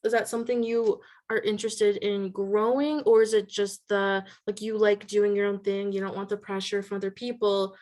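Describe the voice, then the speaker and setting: A woman's voice: flat delivery, moderate pace, hardly any pauses, darkish tone. A woman hosting a casual interview, chatting with many fillers. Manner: chatty, many "like" fillers, quotes people in a higher voice. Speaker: podcast host.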